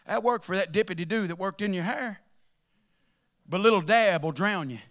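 Male preacher, high and bright-voiced, passionate sermon delivery with shouted peaks. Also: brisk. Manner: impassioned, shouting at peaks, then dropping to a murmur.

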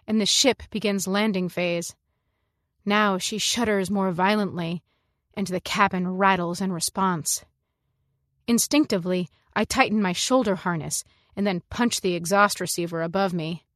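A woman's voice: mid-range voice, moderate pace, fairly bright tone, no room sound. Woman reading a story, dry sound. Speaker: story narrator. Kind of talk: scripted narration.

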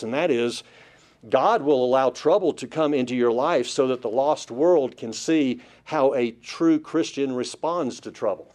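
A man's voice: mid-range voice, darkish tone. A man preaching a Bible-study sermon, emphatic, with rhetorical questions put to listeners. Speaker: pastor.

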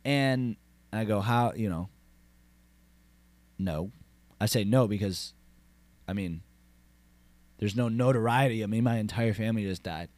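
A man voicing a boastful cowboy rancher who swears and rambles in a low Southern drawl. His tough-guy bravado keeps looping back to the same lines in a deadpan comic monologue. The voice is recorded dry, with no room sound. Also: unhurried, long pauses, dry recording, natural voice. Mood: brooding. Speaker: comedy character host.

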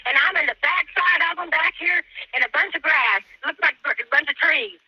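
A woman's voice: high voice, normal speed, dry recording. A panicked woman in her forties on an emergency call, pleading for help and repeating herself, close to tears. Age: 40s. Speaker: emergency caller. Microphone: phone. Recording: dull phone line, dry.

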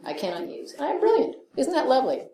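A woman's voice: high voice, wildly swooping pitch, quick pace, roomy sound. A middle-aged woman speaking candidly at a recovery meeting, swearing freely, laughing often and acting out the voices of people she quotes. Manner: profane, self-mocking, laughs often, acts out quotes. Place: meeting hall.

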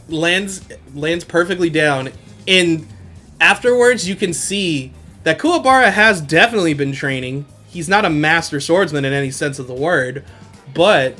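Brief: young male podcast host, laughing and slangy recap, slightly high voice, music faint underneath. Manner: animated, slangy, laughs often. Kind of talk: casual anime recap chat.

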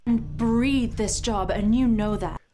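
An insistent young woman in a heated scene, speaking with a put-on American accent, as an actress plays her. The voice sits high and drags each word out slowly, with a dark, mellow tone. A faint hiss runs under the played-back clip. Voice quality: emotionally heightened, insistent. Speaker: acting student in a scene.

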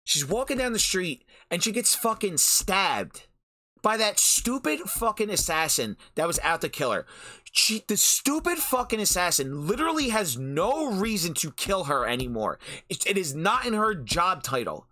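Recording at home during a storm, a podcast host with a high-sitting, very animated voice rants about anime at normal speed. His tone is bright and forceful, and the review is heated and profane, with phrases repeated for emphasis.

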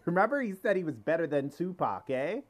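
A man hosting an interview, chatty and curious, asking questions with lively jumps in pitch. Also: brisk. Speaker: interview host. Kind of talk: casual interview talk.

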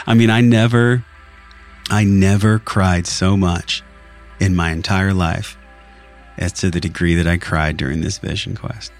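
A man's voice: low-pitched, steady tone, unhurried, long pauses, soft background music. A man hosting a podcast, telling a personal story in an earnest, emotional, reflective way. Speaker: podcast host.

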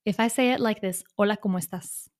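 A woman teaching English to learners in a video lesson. She speaks clearly in a patient, explanatory way and repeats her points so learners can follow. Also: medium pitch, fast talker.

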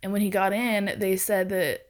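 A woman telling a story in a casual chat, animated, laughing often and swearing freely. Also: mid-range voice, normal speed.

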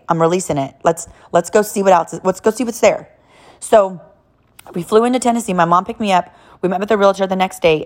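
A woman in her thirties from Southern California speaks candidly about her faith in a personal talk. Her delivery is emotional and rambling, full of restarts as she works through her thoughts. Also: lowish voice. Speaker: vlogger sharing a personal story.

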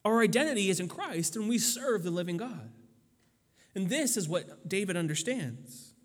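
High-voiced preacher man in a reverberant hall. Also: very animated, moderate pace. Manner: conversational, loose with fillers and restarts. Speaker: pastor. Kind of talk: sermon.

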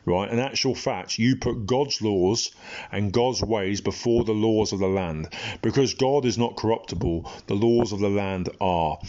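British male preacher, low voice, impassioned and blunt, informal sermon, muffled lo-fi sound. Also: darkish tone. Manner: impassioned, blunt, conversational with frequent ums. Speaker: Christian preacher.

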